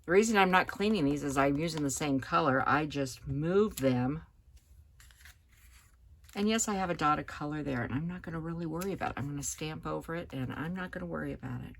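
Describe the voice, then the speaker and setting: Low gravelly-voiced woman teaching crafts. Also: fairly quick, slight background noise. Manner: chatty, relaxed, talks while working. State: hiccups. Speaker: card-making instructor. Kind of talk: hands-on craft tutorial.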